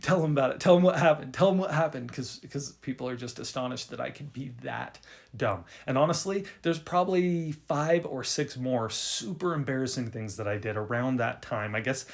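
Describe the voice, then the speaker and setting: A young man hosting a video on writing, telling an embarrassing story in an animated, self-deprecating way with frequent restarts. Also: medium pitch. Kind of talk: casual storytelling to camera.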